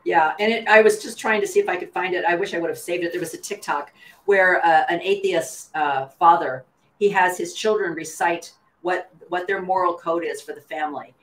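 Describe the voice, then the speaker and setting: A woman's voice: on the low side, a little fast, a bit bright, reverberant, rough recording. Wry woman co-hosting a podcast. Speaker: podcast co-host. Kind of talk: casual commentary chat.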